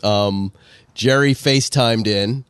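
A man hosting a podcast, talking in a rambling, animated way and laughing often. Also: on the low side, a little slow, clear, resonant tone, no room sound. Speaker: podcast host. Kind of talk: casual chat. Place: outdoor patio.

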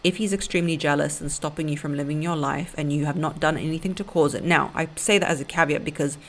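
A woman's voice: sits low, steady tone, fast, a little hiss or hum. A young woman hosting a podcast, giving blunt, sassy relationship advice and calling listeners honey and baby. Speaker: podcast host. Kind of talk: casual advice monologue.

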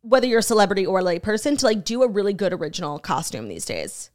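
A woman's voice: mid-range voice, very animated, fast, darkish tone. A woman co-hosting a podcast in casual chat, chatty and opinionated. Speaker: podcast co-host.

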